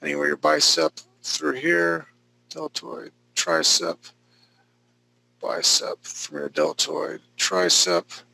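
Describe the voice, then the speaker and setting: A male instructor narrates a live drawing demonstration in a relaxed, joking manner. His voice is heavily gravelly and sits a little high for a man. It has a bright, forceful edge. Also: low-quality recording. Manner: easygoing and joking, talks through each step.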